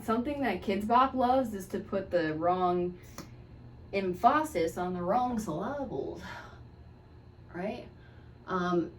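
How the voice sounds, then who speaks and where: A woman's voice: on the low side, distant mic. A woman hosting her podcast while doing her makeup, talking in a casual, rambling way with wry asides. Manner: chatty, offhand, wry asides. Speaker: podcast host. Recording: echoey room, voice away from mic, faint hiss.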